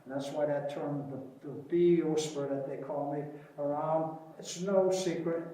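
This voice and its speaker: A man's voice: on the high side, fairly even intonation, a little hiss or hum. A man giving an informal beekeeping talk in a library, telling stories in a folksy way. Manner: folksy storyteller, slows down and softens for anecdotes. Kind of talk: informal public presentation. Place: library meeting room. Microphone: distant room mic. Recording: echoey room from far off.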